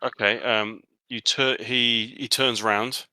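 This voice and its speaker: Bright-voiced man running a tabletop game. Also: mid-range voice, fairly even intonation, no echo, low-quality recording. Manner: halting, many fillers and restarts. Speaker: game master.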